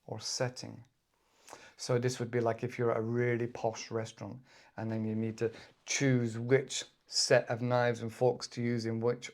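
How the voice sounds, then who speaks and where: British male English teacher, casual lesson, chatty, mid-pitched voice, jumps into playful example voices. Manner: chatty, acts out quick example voices with bursts of excitement.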